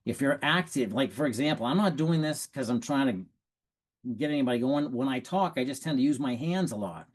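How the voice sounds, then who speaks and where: A man giving an energetic, conversational sales training talk on a video call, often restarting his sentences. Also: medium pitch, normal speed.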